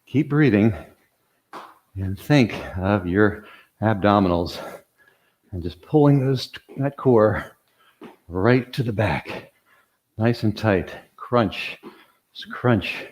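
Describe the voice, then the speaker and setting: A man's voice: on the low side, animated, slow pace, long pauses, a little mellow. An older man leading a guided workout as an exercise coach. He talks while demonstrating the moves, counts down reps, reminds listeners to breathe and cheers them on with light jokes.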